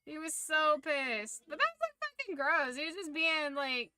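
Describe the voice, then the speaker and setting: A young woman streamer in casual chat, telling a story in a lively, profane way. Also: sits high, a little slow.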